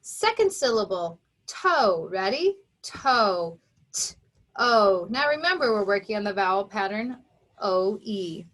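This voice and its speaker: A woman's voice: medium pitch, big pitch swings, measured pace, a bit bright. A woman teaching a children's phonics lesson, patiently sounding out words and spelling them letter by letter.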